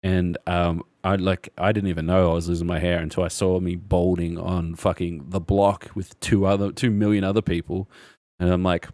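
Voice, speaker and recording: A man's voice: sits low, steady tone, normal speed, a little mellow, no room sound. A man co-hosting a casual podcast, ranting and swearing with sarcasm. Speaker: podcast co-host.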